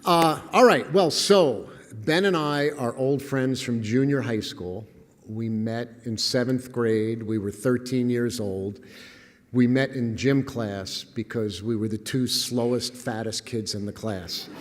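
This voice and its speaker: A man's voice: mid-range voice, slow. An older man giving a humorous storytelling lecture as guest speaker, wry and self-deprecating, chuckling at his own lines. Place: lecture hall. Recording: echoey lecture hall.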